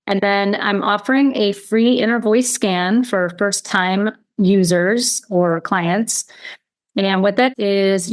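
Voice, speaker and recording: Woman healer guest, relaxed. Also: medium pitch. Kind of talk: casual interview chat.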